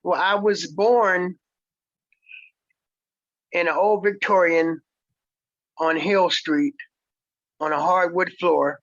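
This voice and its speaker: A man in his sixties from San Francisco, a stage actor interviewed as a guest, telling stories in a slow, relaxed way. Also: high voice, no room sound, lo-fi sound. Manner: slow, relaxed storytelling with repeated words. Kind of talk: casual interview chat.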